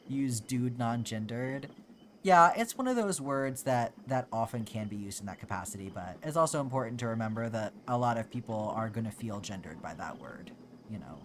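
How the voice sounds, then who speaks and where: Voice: mid-range voice, animated, moderate pace, slight background noise. A streamer from Georgia chatting casually and answering live chat, talking through thoughts with many fillers and restarts. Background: background music.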